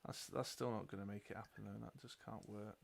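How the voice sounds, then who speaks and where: A man's voice: fairly low pitch, steady tone, fairly quick, gravelly. A British man co-hosting a live tabletop dice game, casually thinking aloud as he reads cards and counts dice. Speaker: game show co-host.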